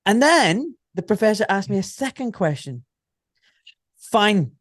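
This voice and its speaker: A man's voice: sits high, big pitch swings, normal speed, no room sound, studio quality. A Scottish man in his forties, an orthopaedic surgeon, telling stories in a casual, rambling interview full of filler phrases. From Scotland.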